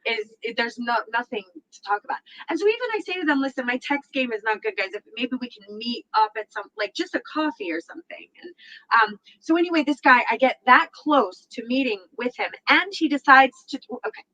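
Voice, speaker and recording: Her voice sits high and moves a little fast as this talk show host chats and tells stories, acting out other people's quotes. She's animated and laughs often, but the recording is muffled.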